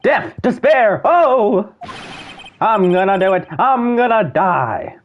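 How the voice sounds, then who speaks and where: Man playing a high, wailing, melodramatic young guy for a game; lively swings. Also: moderate pace, lo-fi sound, slight background noise. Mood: despairing. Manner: wailing, over the top. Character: panicky young male best friend, melodramatic.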